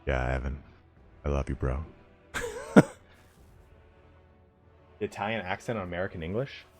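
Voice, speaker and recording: A man's voice: deep voice, very animated, unhurried, long pauses, faint music behind. A man hosting a live stream, chatting casually with viewers in a joking, profane way. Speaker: livestream host of a game league.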